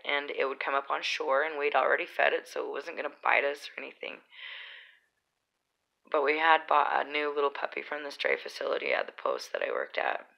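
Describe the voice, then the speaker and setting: Chatty young woman with a gravelly low voice. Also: highs cut off. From Utah. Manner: chatty, rambling, lots of fillers. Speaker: vlogger. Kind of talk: casual storytelling.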